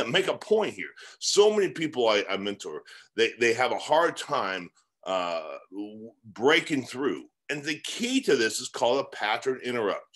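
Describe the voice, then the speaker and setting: A man's voice: medium pitch, a bit bright. A man in his forties coaching newcomers in a loose, motivational way. His voice rises and falls a lot, and he keeps circling back with rhetorical questions and filler words. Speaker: real estate mentor. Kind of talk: casual motivational teaching.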